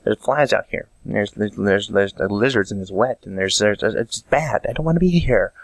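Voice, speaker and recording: A man voicing a whiny, reluctant female sasquatch who frets and complains about the outdoors, in a lower, softer voice. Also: normal speed, no room sound. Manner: whining, fretful complaining.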